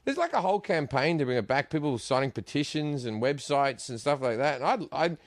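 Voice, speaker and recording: A man's voice: medium pitch, very animated, a little fast, dry recording, studio quality. A man telling profane, laughing anecdotes in casual chat, acting out the voices of the people in them. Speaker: guest comedian. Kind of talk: animated storytelling chat.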